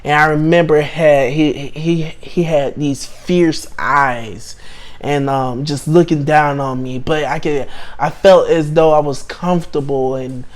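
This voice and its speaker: Young man telling an excited storytime. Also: fairly high pitch, a little slow. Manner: hesitant, full of restarts and "like"; shifts between hushed and excited tellings. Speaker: channel host telling his testimony. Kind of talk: casual storytime.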